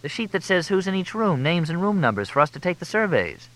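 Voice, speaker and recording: Ein Mann als frecher junger Reporter. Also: male voice, high-pitched, sing-song, brisk, a bit bright, dry recording, pitched above the performer's own voice. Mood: pushy. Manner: breezy, persistent questioning. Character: young male reporter, cheeky and pushy.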